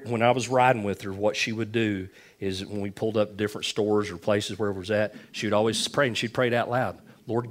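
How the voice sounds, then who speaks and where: A middle-aged man preaching a sermon, telling folksy stories with lots of repetition. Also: lowish voice. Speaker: pastor.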